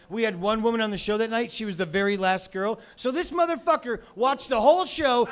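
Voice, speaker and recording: A man hosting a comedy show, swearing and shouting in a rant, then rambling with fillers and restarts. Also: sits high, fairly quick. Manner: profane, shouting rants at a heckler.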